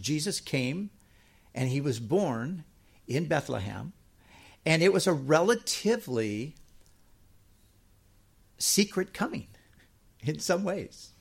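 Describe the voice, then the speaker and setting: A middle-aged man preaching a sermon, reading scripture slowly and emphatically, then explaining it in a chatty way. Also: fairly high pitch, sing-song, creaky, slightly rough.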